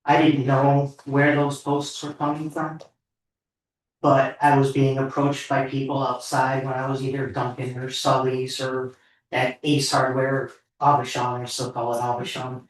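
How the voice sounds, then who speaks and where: A board member speaks at a town meeting, earnest, heartfelt and audibly emotional, in a middle pitch. The voice is heard from a distance in a very echoey meeting room. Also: monotone, unhurried, a little hiss or hum. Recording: echoey hall, far from the mic.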